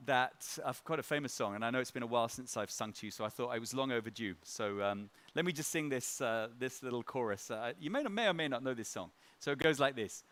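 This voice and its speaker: A man's voice: fairly high pitch, fairly bright tone. A middle-aged man preaching a sermon in a light-hearted, conversational way, telling stories and chuckling. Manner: conversational, with frequent fillers and restarts.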